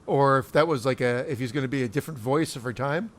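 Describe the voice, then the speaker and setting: A man's voice: mid-range voice, fast. A man co-hosting a podcast in casual chat, laughing a lot and swearing freely. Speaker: podcast co-host.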